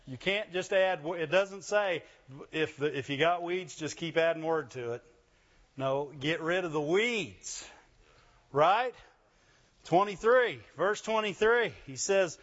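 A man delivers a sermon in a high, bright-pitched voice, pressing his points and checking in with the congregation through call-and-response. The recording sounds dull and lo-fi. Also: takes it slowly. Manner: call-and-response preaching, frequent "Amen?" and "Right?". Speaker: pastor.

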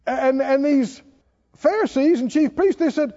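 Taking it slowly and pausing often, a man with a very high-pitched, warm voice delivers a sermon. He laughs frequently and works up to forceful calls to his listeners, captured with dull sound in a reverberant hall.

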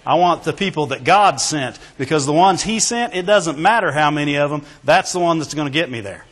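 A man preaching a sermon to a congregation, emphatic and animated, calling out exclamations and asking for answers from the room. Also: fairly high pitch, brisk. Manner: emphatic, with call-and-response exclamations. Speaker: pastor. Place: church sanctuary with a congregation. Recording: long hall reverb.

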